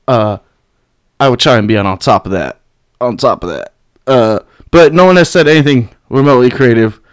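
A man hosting his own podcast, ranting at his critics with constant swearing and mocking laughter, high on weed. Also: dry recording. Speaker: podcast host. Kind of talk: profane solo podcast rant.

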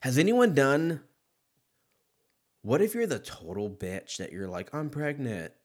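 A man's voice: mid-range voice, wildly swooping pitch, a little slow. A man hosting his own podcast in a casual, rambling way, swearing freely and laughing at his own jokes. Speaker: podcast host. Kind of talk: casual solo podcast chat.

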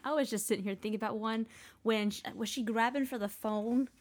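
A woman co-hosting a casual movie podcast, speaking softly in short replies. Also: on the high side, fairly even intonation, fairly quick. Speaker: podcast co-host.

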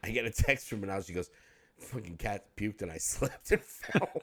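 A man's voice: fairly low pitch, lively intonation, normal speed, husky. A man co-hosting a podcast in casual chat, a rambling storyteller who laughs and curses freely. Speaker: podcast co-host.

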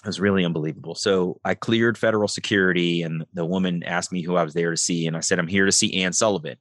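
Low-voiced middle-aged man telling a story. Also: quick pace, dry recording. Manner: animated storyteller acting out quoted dialogue. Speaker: podcast guest. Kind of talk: storytelling interview.

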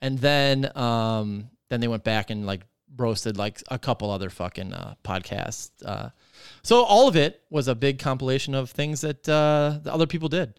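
A man's voice: medium pitch, normal speed, clear, resonant tone, no echo, studio quality. A man hosting a podcast, ranting in casual chat with lots of swearing and filler words. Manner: profane, rambling, animated ranting with many fillers. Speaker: podcast host.

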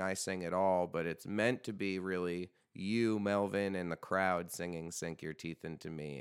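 A young man with a deep, smooth voice hosts a casual podcast chat. He rambles, swears freely and jokes around. His voice is recorded close and dry. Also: no echo. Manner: rambling, profane, loose and joking. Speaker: podcast host and band vocalist.

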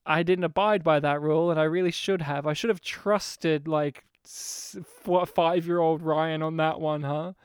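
A podcast co-host, a man with a slightly high, smooth and clear voice. He talks casually about movies, laughing and cursing as he goes. The sound is dry and close with no room echo. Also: fairly even intonation. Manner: jokey, laughs often, swears, slips into quick impressions.

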